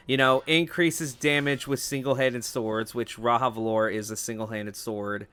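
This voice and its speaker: A man's voice: mid-range voice, pushed and bright, smooth, dry recording. A young man hosting a let's play, chatting casually over gameplay with lots of fillers and swearing. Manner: rambling, swears freely, many fillers.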